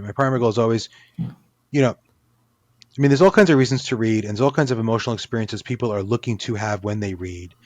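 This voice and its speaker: A man's voice: on the low side, no room sound. A man, an author, talking casually in an interview, rambling with many restarts and fillers. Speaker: author guest.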